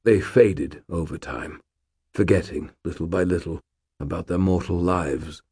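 A man's voice: sits low, a little slow, mellow, breathy edge, no room sound, studio quality, heavily acted. A man reading the part of a dying old male ghost warrior, weak and fading, with formal, archaic speech. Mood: weak, gentle.

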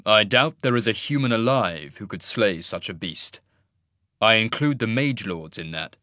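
A man voicing a weary, gaunt wizard king who speaks slowly and darkly in a storybook reading. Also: lowish voice, animated, no echo, clean studio sound. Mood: grim. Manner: slow, dark and measured.

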